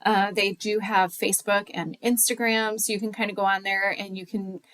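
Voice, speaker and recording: A woman co-hosting a library podcast in relaxed, rambling casual chat. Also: medium pitch, normal speed.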